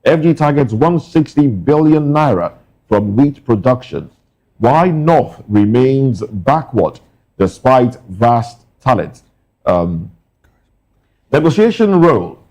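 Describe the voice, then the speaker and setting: A man's voice: medium pitch, sing-song, slow, darkish tone, poor audio. A man co-hosting a morning newspaper review, reading headlines in clipped bursts with brief asides. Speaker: news show co-host.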